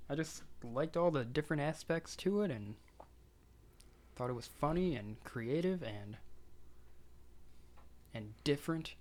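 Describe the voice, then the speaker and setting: A young man co-hosting a podcast, talking in a laid-back, rambling way with lots of filler words and casual swearing. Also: mid-range voice. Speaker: podcast co-host. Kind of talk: casual chat.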